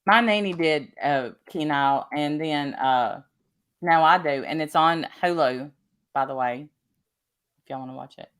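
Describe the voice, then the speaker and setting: A woman with a lowish voice chats loosely on a livestream. She rambles, trails off and talks straight to the viewers. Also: unhurried, smooth. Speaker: livestream co-host. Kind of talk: casual livestream chat.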